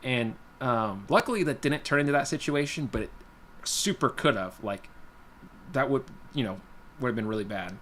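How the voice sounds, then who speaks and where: A man with a mid-range, fairly bright voice and lively intonation speaks at a moderate pace while hosting a casual guitar livestream. He tells a personal story in a blunt, plainspoken, rambling way full of "you know" and "like". The recording has a little hiss or hum.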